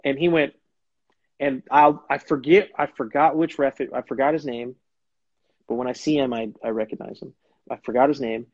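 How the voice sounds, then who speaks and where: A man's voice: mid-range voice, fairly even intonation, normal speed, darkish tone, slightly rough, dry recording, muffled recording. A man hosting a show and casually telling a story, acting out quotes and restarting sentences as he goes. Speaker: show host and former pro soccer player.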